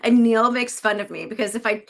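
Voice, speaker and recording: A woman co-hosting a podcast in casual chat, giggly and animated as she tells stories. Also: a little high, brisk, creaky. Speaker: podcast co-host.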